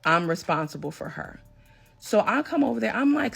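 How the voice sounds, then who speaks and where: A woman telling a personal story in an emphatic, animated storytime manner. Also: medium pitch, normal speed, gravelly, breathy edge, soft background music. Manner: emphatic, animated when retelling a confrontation. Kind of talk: storytime recounting a personal drama.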